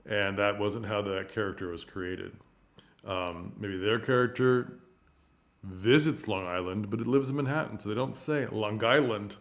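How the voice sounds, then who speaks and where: A man presenting a casual explanatory talk to camera, giving advice to theatres. He is plain-spoken, thinks aloud as he goes, and jumps up in pitch for emphasis. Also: unhurried.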